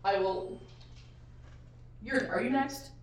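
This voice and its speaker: A woman playing a tabletop game, loud and laughing often. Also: medium pitch, slow. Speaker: player. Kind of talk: casual tabletop play. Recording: echoey room, distant mic, noisy.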